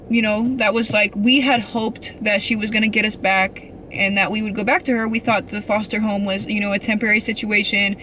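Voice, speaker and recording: Bright-voiced young woman telling a personal story. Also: medium pitch, a little hiss or hum. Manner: rambling, many fillers and restarts; earnest and emotional. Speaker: vlogger.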